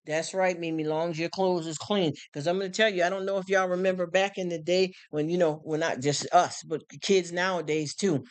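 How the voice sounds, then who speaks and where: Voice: medium pitch, fairly even intonation, a little fast, few pauses, clean tone. A middle-aged livestream host chatting casually with viewers in a frank, emphatic way, full of repeated affirmations and rhetorical questions. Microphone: streaming setup.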